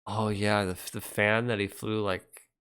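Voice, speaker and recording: A man's voice: lowish voice, little pitch movement, a little slow, a bit bright, clean tone. A young man hosting a casual livestream, chatting loosely and reacting to viewer comments as he rambles. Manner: rambling, reacts to chat, trails off. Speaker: livestream host reading chat.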